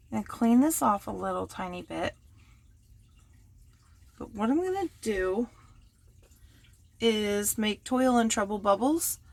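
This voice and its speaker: A woman chatting casually and teasing herself while she crafts at home, going quiet when the work gets delicate. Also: a little high, vocal fry. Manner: chatty and self-mocking, drops to a hush while working. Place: home workspace.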